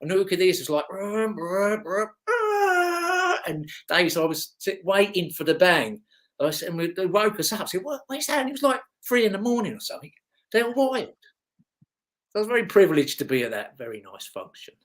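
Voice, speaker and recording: A man's voice: sits high, animated, brisk. A middle-aged man, a former motocross racer telling rambling, chatty stories as an interview guest. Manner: rambling, chatty, with restarts and chuckles. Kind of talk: casual anecdotal storytelling.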